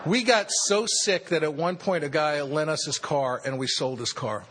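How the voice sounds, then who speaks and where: A man in his fifties telling his recovery story, wry and self-deprecating, sometimes halting. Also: on the high side, noisy background. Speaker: speaker sharing a recovery story. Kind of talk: personal storytelling talk.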